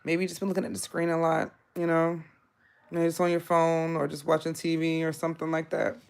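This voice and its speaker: Woman, 30s, blunt live tarot reader with a lower voice, rambling chat that jumps up in pitch. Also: fairly quick, vocal fry, clear, resonant tone. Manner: blunt, animated, laughing asides.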